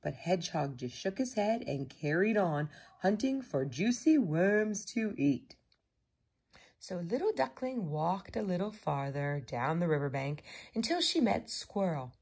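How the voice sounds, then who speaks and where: A woman narrating a children's picture book aloud in an unhurried, gentle storytelling manner. Her voice swoops expressively through each sentence, and it carries a soft, slightly breathy quality. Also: fairly low pitch, big pitch swings.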